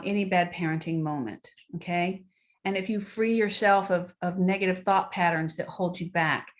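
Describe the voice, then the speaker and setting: A middle-aged woman giving a conversational talk on parenting, acting out bits of dialogue as she goes. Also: mid-range voice. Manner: conversational, acts out quoted dialogue. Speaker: parenting speaker. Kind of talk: motivational talk to an audience.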